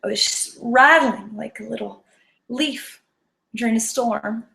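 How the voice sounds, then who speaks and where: A woman's voice: fairly high pitch, a little slow, creaky, pushed and bright, roomy sound. A woman telling a personal story to an audience, earnest and vivid, sometimes dropping to a whisper. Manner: earnest and vivid, drops to a whisper at tense moments.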